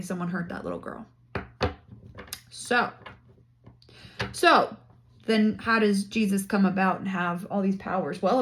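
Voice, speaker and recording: A woman's voice: medium pitch, a little hiss or hum. A woman talking straight to camera in a casual monologue, indignant and emphatic as she builds her case. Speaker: vlogger.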